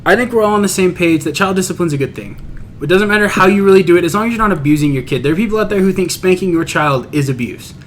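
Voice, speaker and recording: A young man with a notably high voice talks bluntly and swears freely as a podcast co-host. He keeps pulling a rambling chat back on track, with a faint hiss in the recording. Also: racing. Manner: blunt, profane, steers back to topic. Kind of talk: casual chat.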